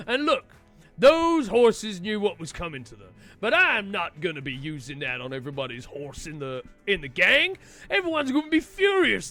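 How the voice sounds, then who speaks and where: A man's voice: sits high, creaky, bright, forceful tone, heavily acted. A man voicing an exasperated, weary male outlaw who pleads and complains in a drawling way.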